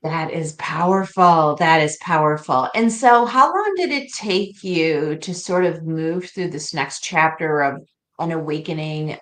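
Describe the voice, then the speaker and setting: A woman's voice: low-pitched, fairly bright tone. A woman hosting a podcast interview, affirming her guest and asking open questions. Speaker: podcast host. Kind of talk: interview conversation.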